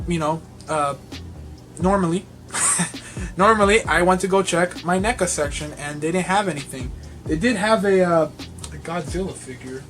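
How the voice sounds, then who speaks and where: Young male vlogger with a fairly high voice, rambling and excitable, laughing often, faint music underneath. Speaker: toy collector reviewer. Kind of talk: casual vlog storytelling.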